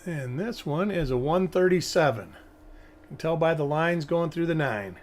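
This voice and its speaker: A man's voice: on the high side, animated, normal speed. A male host giving casual live-stream commentary, thinking aloud and rambling as he examines coins. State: hiccups.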